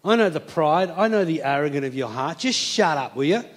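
A man's voice: fairly high pitch, lively intonation, fairly quick, natural voice. A man voicing an irritated older brother who curtly scolds a younger sibling. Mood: annoyed. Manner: curt, scolding.

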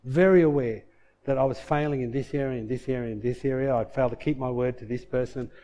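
A man preaching a sermon and telling a personal testimony, conversational, dropping to soft low asides and rising to loud, emphatic declarations. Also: fairly even intonation, fast.

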